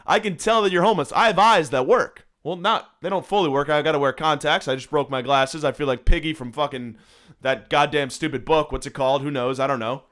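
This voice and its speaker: On the high side and fairly bright, a young man's voice moves fairly quickly as he rants sarcastically and swears a lot on his podcast. It's a solo comedic piece recorded on his phone in a room at home.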